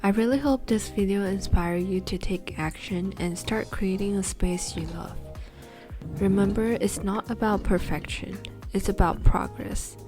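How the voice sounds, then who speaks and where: Woman vlogger, calm encouraging voice-over, soft music underneath. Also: mid-range voice, a little slow. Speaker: home vlogger. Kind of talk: scripted voice-over narration.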